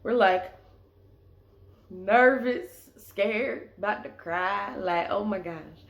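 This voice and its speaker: Slow-talking young woman. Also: medium pitch, vocal fry, highs cut off. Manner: chatty, leans on "like" as filler. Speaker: storyteller. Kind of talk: casual storytime vlog. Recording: echoey room.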